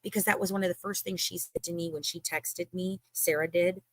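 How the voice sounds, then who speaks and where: A woman's voice: fairly low pitch, fairly even intonation, a little fast, no echo. Profane sarcastic woman telling a story. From United States. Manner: profane, heated, sarcastic retelling. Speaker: livestream co-host. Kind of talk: casual storytelling on a live stream.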